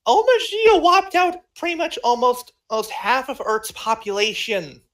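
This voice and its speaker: A man co-hosting a podcast over an online voice call, recapping episodes in a casual, excitable way with frequent restarts. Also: very high-pitched, measured pace, few pauses. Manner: excitable, restarts sentences, exasperated outbursts. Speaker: podcast co-host.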